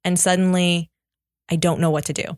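Lower-voiced woman sharing candidly. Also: level tone, fairly quick, dry recording, clean studio sound. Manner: candid, reflective personal sharing. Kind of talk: casual faith podcast chat.

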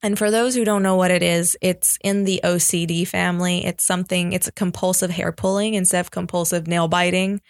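A woman's voice: fairly low pitch, fairly even intonation, brisk, few pauses, no room sound, clean studio sound. A woman in a casual faith podcast chat, talking candidly and reflectively about her own experience. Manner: candid, reflective personal sharing.

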